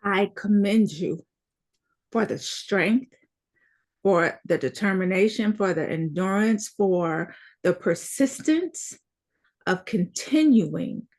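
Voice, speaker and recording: A woman hosting an interview, giving her guest slow and emphatic praise. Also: medium pitch, lively intonation, a little mellow. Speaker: host. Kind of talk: interview chat.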